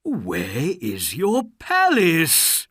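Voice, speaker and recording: A woman voicing an angry, commanding sultan in a storybook reading, giving slow, stern commands. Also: low-pitched, huge pitch swings, fairly bright tone, slightly rough, no room sound, clean studio sound, pitched above the performer's own voice, exaggerated voice. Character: angry commanding male sultan, older ruler.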